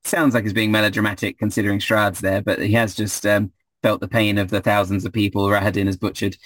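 A man's voice: fairly low pitch, level tone, fast talker, a bit bright. A man running a tabletop game as game master, hesitant with many fillers.

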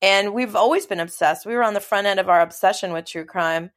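A middle-aged woman from Los Angeles talks casually as a guest. She is chatty and animated, at a middle pitch for a woman, and tells her stories with quick asides. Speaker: interview guest, film producer. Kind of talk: casual conversation.

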